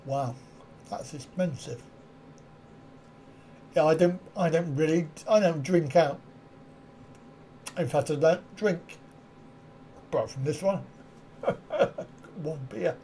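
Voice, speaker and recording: A man's voice: on the high side, takes it slowly, pauses often, warm tone, a little hiss or hum. A middle-aged man hosting a live stream, chatting casually in reply to viewer comments and often chuckling at his own wry, self-mocking asides. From United Kingdom.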